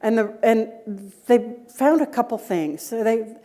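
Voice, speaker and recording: A woman's voice: a little high, unhurried, dark tone. A middle-aged woman giving a conference breakout talk, telling stories and asking the audience rhetorical questions. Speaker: conference speaker, data governance director. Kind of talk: conference talk with personal anecdotes.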